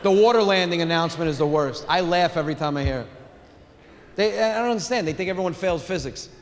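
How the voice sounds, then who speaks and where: A man's voice: high-pitched, fast talker, slight background noise. A man doing a brash, profane stand-up routine. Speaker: stand-up comedian. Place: comedy stage. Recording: echoey hall, faint ambience.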